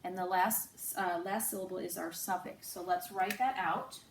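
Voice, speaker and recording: A woman teacher giving a slow, patient online phonics lesson, spelling out letters and sounds. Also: lowish voice, fairly even intonation. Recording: roomy, distant mic with faint noise.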